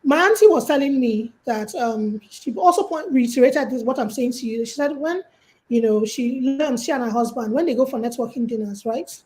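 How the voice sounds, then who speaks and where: Her voice is a little high and her pace moderate, heard through poor audio with slight background noise. This Nigerian guest speaker shares casual advice on life and money during a call, spinning lively stories and performing the quotes she relates.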